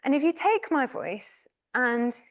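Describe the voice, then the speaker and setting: A woman delivers a university lecture in a loose, conversational way. Her voice is fairly high-pitched, and she talks with an easy, informal manner. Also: big pitch swings, measured pace, creaky. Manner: chatty and informal, with laughs and fillers. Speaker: professor giving an inaugural lecture.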